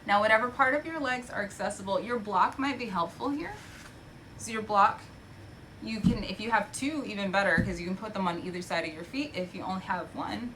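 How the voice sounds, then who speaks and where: Young female yoga teacher, chatty encouraging cues, mid-pitched, faint room hiss. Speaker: yoga instructor. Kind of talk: guided yoga class cues. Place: home practice space.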